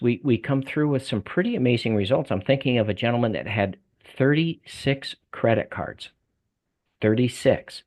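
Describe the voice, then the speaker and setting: An older man with a Southern US accent, a guest in a conversational interview, talking in a folksy way with repeated words and restarts. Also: on the low side. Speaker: guest, debt coaching salesman.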